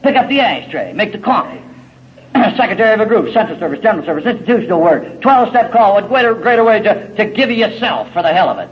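High-voiced man telling a gritty, funny testimony. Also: very animated, fast. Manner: folksy, salty storytelling with wry humor. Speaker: speaker at a recovery meeting. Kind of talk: personal testimony talk. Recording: dull lo-fi recording with faint hiss.

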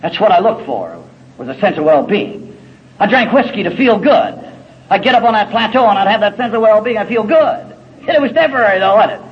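A man's voice: high voice, big pitch swings, fairly quick. A middle-aged man speaking at a recovery meeting, telling his story in a folksy, salty way with wry humor. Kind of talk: personal testimony talk. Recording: dull lo-fi recording with faint hiss.

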